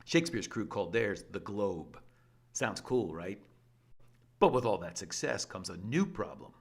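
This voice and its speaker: A man presenting an energetic scripted explainer with a lively, playful and emphatic delivery. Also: lowish voice, a little slow, breathy edge. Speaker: educational presenter.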